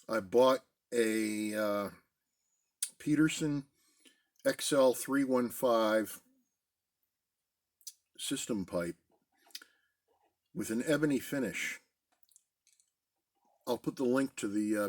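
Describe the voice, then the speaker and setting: A middle-aged man chatting casually in a relaxed, rambling way from a basement den at home. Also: lowish voice, takes it slowly, long pauses. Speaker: pipe-smoking video host. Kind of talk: casual pipe-smoking chat.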